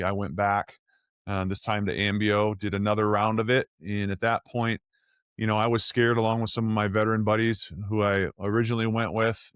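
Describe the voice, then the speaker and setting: Man, forties, low voice, dry close sound, casual storytelling, acts out quoted voices. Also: fairly bright tone, smooth, dry recording. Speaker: guest, former NFL offensive lineman.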